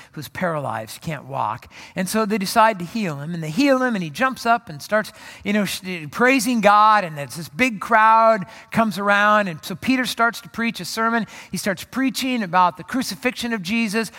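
A male pastor with a high, bright voice preaches a sermon. He tells the story in a lively way and throws in joking asides. His voice rings out in a long hall reverb.

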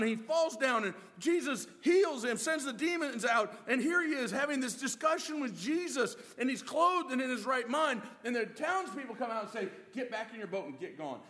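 A high-voiced male preacher with a wildly swinging delivery, playing the disciples' complaints for laughs. His voice rings out into a big hall with a long echo trailing behind each phrase. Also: lively intonation, normal speed, hardly any pauses, sharp tone. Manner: acts out disciples' voices, joking asides. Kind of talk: animated sermon.

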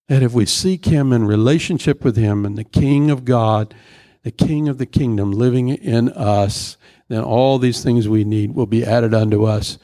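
A man's voice: medium pitch, a little mellow, dry recording. Middle-aged guy preaching, rambly storyteller, lots of uhs, dry close sound. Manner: rambling storyteller, halting with many fillers. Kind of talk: sermon with stories and prayer.

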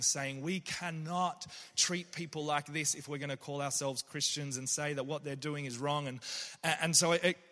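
A man's voice: fairly high pitch, pushed and bright, long reverb tail. A man, a poet, giving a reflective faith talk that mixes in stories. He speaks earnestly, often restarts his sentences, and briefly acts out the voices of people he quotes.

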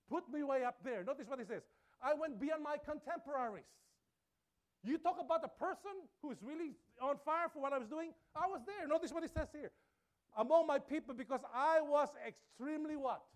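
A man with a very high voice delivers a sermon to his congregation. He talks emphatically, swelling louder and dropping soft, and he repeats phrases for weight. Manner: emphatic, rising and falling in volume, with repeated phrases. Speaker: preacher.

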